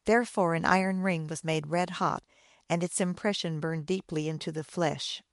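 A woman narrating a dark old story in a steady, measured reading voice. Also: on the low side, no echo, clean studio sound. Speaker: audiobook narrator.

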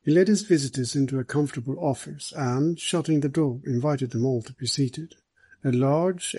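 A man reading a novel aloud as an audiobook narrator in a steady, measured way. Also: mid-range voice, slightly rough, no room sound. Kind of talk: scripted narration.

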